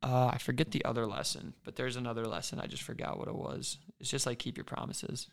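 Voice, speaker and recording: A man's voice: medium pitch, little pitch movement, quick pace, vocal fry. A man co-hosting a podcast, retelling a folk tale in a laid-back, rambling casual way. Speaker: podcast co-host. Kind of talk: casual storytelling.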